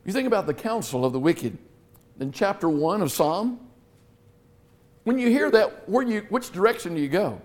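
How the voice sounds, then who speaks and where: Guy preaching bible study, kinda high voice, earnest, repeats himself a lot. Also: lively intonation, moderate pace, pauses often, darkish tone. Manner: earnest, repeats words, reads scripture aloud. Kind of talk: Bible teaching sermon.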